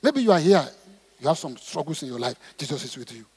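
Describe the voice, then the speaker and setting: A man preaching a sermon, reading scripture and calling on the congregation to respond, swinging between loud exclamations and soft asides. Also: fairly high pitch, sing-song, fast, husky. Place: church auditorium. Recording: long hall reverb in church auditorium.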